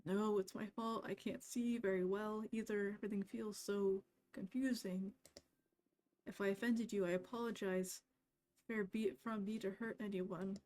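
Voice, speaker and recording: A woman reading the lines of a gentle, confused ghost in a game, speaking softly and hesitantly. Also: mid-range voice, steady tone, normal speed, lightly acted. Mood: anxious. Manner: soft, hesitant, apologetic. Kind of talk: reading game dialogue aloud.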